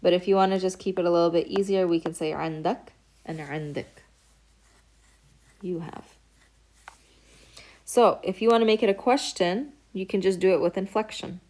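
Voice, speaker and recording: A woman's voice: on the low side, moderate pace, pauses often, darkish tone, slight background noise. Patient woman teaching Arabic basics. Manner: patient step-by-step explaining, modeling words aloud. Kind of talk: recorded lecture.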